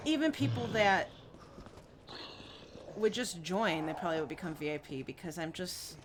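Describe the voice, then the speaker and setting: A woman's voice: medium pitch, expressive, moderate pace, pauses often, very noisy. A young adult woman streaming a game, chatting casually with her viewers, giggling often and reading their messages aloud. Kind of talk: casual live-stream chat while gaming.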